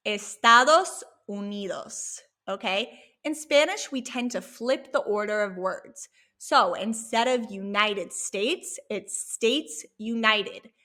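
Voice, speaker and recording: A woman teaching a Spanish lesson, slowly modeling words and encouraging the listener to repeat after her. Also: on the high side, bright, forceful tone. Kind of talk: language lesson.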